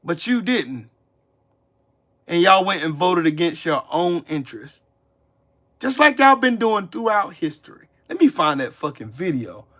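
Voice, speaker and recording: A man's voice: high voice, very animated, unhurried, a bit bright. A man hosting a live stream, ranting angrily and cursing as he talks back to his chat. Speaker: livestream host. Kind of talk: angry live-stream rant.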